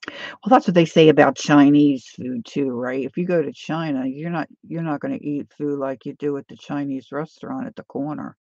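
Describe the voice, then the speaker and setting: A woman with a gravelly, mellow voice talks through a painting demonstration in a relaxed, chatty way, wandering off into side stories as she works. The sound is dry and a little dull and lo-fi. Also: deep voice, normal speed, no room sound. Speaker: painting tutorial host.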